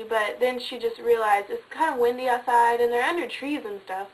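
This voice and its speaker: A woman casually telling a ghost story in a chatty way with lots of fillers, sometimes dropping to a hush. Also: fairly high pitch, normal speed, recorded from a distance, poor audio. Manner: chatty, many fillers, drops to hushed tones.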